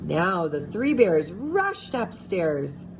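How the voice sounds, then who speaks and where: Lively, slow-reading woman teacher. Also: on the low side, low-quality recording. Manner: expressive, asks the children questions. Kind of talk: storybook read-aloud for young children. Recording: steady background hiss.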